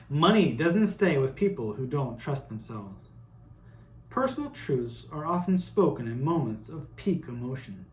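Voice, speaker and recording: A man hosting his own channel, reading a self-help book aloud in an earnest way, with small asides. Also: medium pitch. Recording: echoey room.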